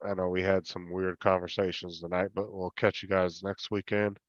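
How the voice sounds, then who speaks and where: Man, livestream host, low voice, dull dry sound, tired and laid-back. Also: level tone, normal speed, no echo. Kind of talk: casual chat.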